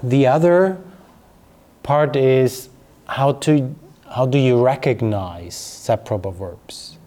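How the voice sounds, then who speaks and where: Slow, patient male language tutor. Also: mid-range voice, dark tone. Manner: slow, patient, with fillers and careful pronunciation examples. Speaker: German teacher. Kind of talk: explaining grammar to a learner.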